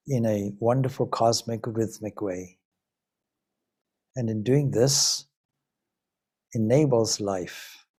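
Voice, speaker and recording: Mellow, husky-voiced man giving a spiritual talk. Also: medium pitch. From Zimbabwe. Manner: reflective, many rhetorical questions. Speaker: Vedanta swami. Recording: Ireland talk.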